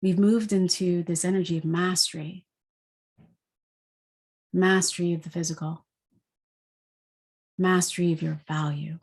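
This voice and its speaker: Woman, lowish voice, intuitive forecaster, casual spiritual monologue, reflective, rhetorical questions. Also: steady tone, measured pace, pauses often, a little mellow, husky.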